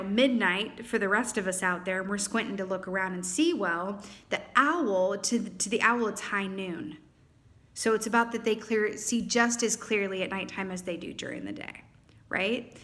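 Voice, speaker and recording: A woman giving a casual tarot reading to camera, animated and quick to exclaim, acting out quoted lines. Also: medium pitch. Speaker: tarot reader.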